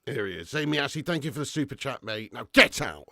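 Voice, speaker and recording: A man hosting a live football watch-along, calling the play and chatting casually with viewers, swearing freely and swinging between excited shouts and weary sighs. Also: mid-range voice, brisk, vocal fry, no echo, studio quality. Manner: casual and matey, thanks viewers by name. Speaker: fan channel host doing live match watch-along.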